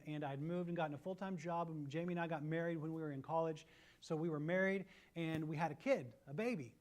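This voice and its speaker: A man in his thirties preaching a conversational sermon, telling stories with energy and often checking in with a quick "right?". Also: fairly high pitch. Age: 30s. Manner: animated storyteller, often adds "right?" to check in with listeners. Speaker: pastor.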